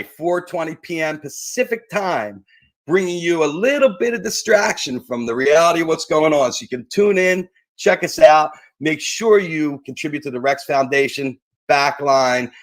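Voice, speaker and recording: Man, livestream host, casual rambling chat, choked up, animated pitch, dry close sound. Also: no echo. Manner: rambling, emotional, full of fillers and restarts. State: choked up, teary. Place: home.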